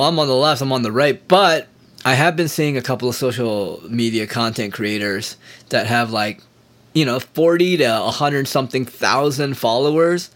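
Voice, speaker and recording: A man talking alone in a loose, heated rant, sarcastic and full of swearing. His throat is still sore from a recent illness, and he talks straight to the listener with a scornful edge. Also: mid-range voice. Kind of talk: casual rant monologue.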